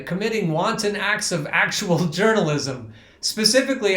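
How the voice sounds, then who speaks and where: A man's voice: high-pitched, fairly bright tone, reverberant. A male podcast host giving sarcastic, blunt commentary, reading out quotes and swearing freely. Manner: sarcastic, scornful, blunt with profanity.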